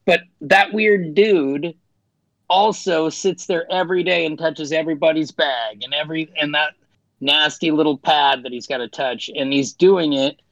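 Man radio host as guest, gravelly voice, joking, dry close sound. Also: fairly high pitch, normal speed, dry recording, lo-fi sound. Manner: joking, animated storyteller. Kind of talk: casual chat.

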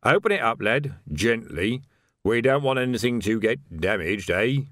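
A man's voice: mid-range voice, lively intonation, moderate pace, a bit bright, no room sound, studio quality, lightly acted. A man voicing a sly, corrupt male sergeant who sounds falsely earnest and smug.

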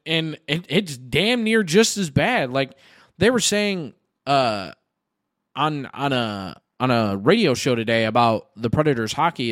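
A man's voice: medium pitch, a bit bright, no echo, studio quality. A man in his mid-twenties from the United States, co-hosting a podcast in casual, profane chat, rambling and repeating words as he thinks aloud. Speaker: podcast co-host.

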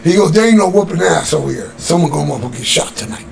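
A fairly high-voiced man with vocal fry races through a casual street story from his youth. Profane and animated, he imitates what the other people said.

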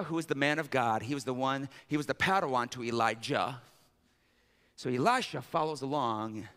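A male pastor preaching a sermon. He swings between loud, emphatic peaks and low, intimate stretches. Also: in a large hall.

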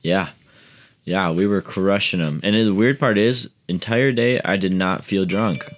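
Deep-voiced man telling a rowdy story. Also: a little slow. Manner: rambling, profane storytelling with lots of fillers. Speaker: podcast co-host. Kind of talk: casual chat.

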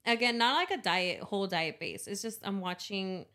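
A woman's voice: mid-range voice, normal speed, a bit bright, slight background noise. A young woman co-hosting a casual podcast chat. She rambles, restarts her sentences and laughs easily. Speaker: podcast co-host.

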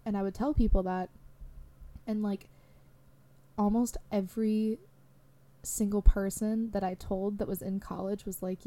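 Mellow-voiced young woman rambling candidly. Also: medium pitch, steady tone, unhurried, long pauses. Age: young adult. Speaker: podcast host. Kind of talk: solo podcast monologue.

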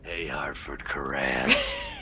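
A man putting on a creepy, hushed, menacing voice. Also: extremely low pitch, huge pitch swings, slow, creaky, slight background noise, pitched below the performer's own voice, exaggerated voice.

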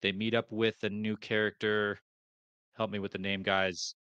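A man's voice: fairly low pitch, little pitch movement, normal speed, a bit bright, clean tone, no echo, muffled recording. A man co-hosting a podcast, casually summarizing book chapters and hesitating over unfamiliar names. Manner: hesitant, restarts, unsure of names. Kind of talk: casual chat.

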